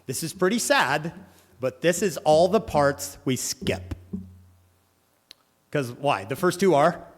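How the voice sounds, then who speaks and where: A man's voice: on the high side, slow pace, pauses often, long reverb tail. A man teaching a congregation in a sermon, telling stories and acting out the people in them. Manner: animated storyteller acting out quoted people. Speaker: religious teacher speaking to a congregation. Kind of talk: sermon with storytelling. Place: church hall.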